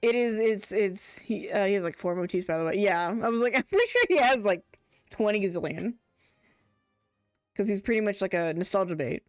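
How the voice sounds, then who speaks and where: A woman's voice: medium pitch, animated, a little fast, no echo, clean studio sound, soft background music. A woman streaming a game, chatting casually, rambling and laughing often. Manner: rambling, laughs often, trails off mid-thought. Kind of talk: casual live-stream chat.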